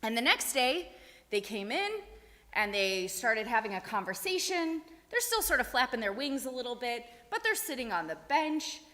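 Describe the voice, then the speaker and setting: A woman telling a story to a group of children, animated and asking them questions along the way, in a synagogue sanctuary. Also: on the high side, moderate pace. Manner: animated, asks the kids questions. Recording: echoey hall.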